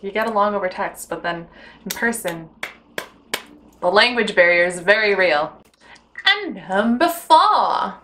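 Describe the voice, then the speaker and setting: A woman's voice: lowish voice, sharp tone, a little hiss or hum. A woman hosting a casual vlog chat, playful and laughing, with dry asides. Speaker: vlog host.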